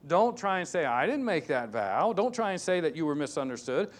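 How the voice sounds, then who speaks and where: A male pastor preaching a sermon, emphatic and repetitive, swinging between loud stresses and hushed asides. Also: a little high, big pitch swings, a little fast, hardly any pauses. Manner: repeats key words for stress.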